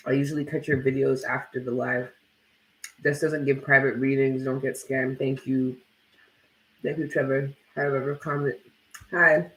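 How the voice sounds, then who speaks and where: A man's voice: fairly high pitch, fairly bright tone, reverberant, rough recording. A man hosting a tarot live stream, chatting casually and bluntly with plenty of swearing while reading viewer comments aloud. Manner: casual, blunt and profane, lots of "like".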